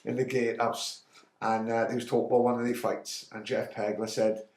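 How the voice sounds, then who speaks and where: A man's voice: medium pitch, flat delivery, a little fast, a little mellow. A man chatting on a podcast, swearing and telling rambling stories with lots of laughs. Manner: sweary, storytelling, laughing often. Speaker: podcast guest. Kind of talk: casual chat. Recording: echoey room with crowd noise.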